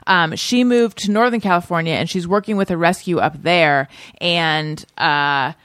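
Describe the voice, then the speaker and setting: A woman hosting a podcast in casual chat, chatty and swearing freely with quick laughs. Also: fairly low pitch, fairly bright tone, smooth, dry recording, clean studio sound. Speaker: podcast host.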